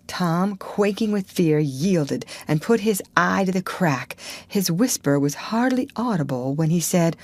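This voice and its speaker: A woman reading a novel aloud as an audiobook narrator, measured and steady. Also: on the low side, dry recording. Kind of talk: scripted narration.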